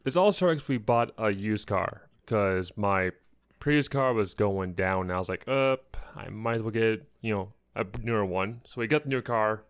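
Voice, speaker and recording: A man's voice: lowish voice, expressive, normal speed, smooth. A young man co-hosting a podcast, telling an angry story in a casual chat and acting out the people he quotes. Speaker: podcast co-host.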